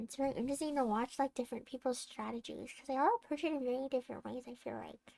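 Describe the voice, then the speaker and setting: A woman's voice: high voice, expressive, quick pace, creaky, hardly any pauses, a little mellow, no echo. A sleepy woman streamer chatting casually with her viewers, rambling and giggling, with lots of restarts.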